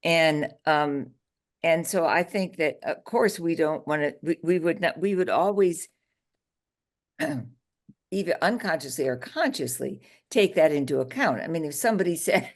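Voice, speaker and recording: A woman on a town committee, raising a concern carefully and deliberately in a meeting. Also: low-pitched, animated. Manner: deliberate, careful, hesitant phrasing. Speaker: committee member.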